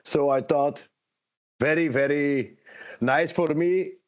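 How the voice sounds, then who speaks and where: Belgian guy, not english, searches for words a lot, slightly higher voice, muffled audio. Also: slow pace. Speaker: guest. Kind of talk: casual chat.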